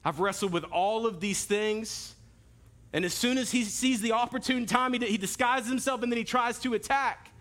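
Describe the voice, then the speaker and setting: A man pastor preaching a sermon in an animated, storytelling way, talking directly to the congregation. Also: extremely high pitch, moderate pace.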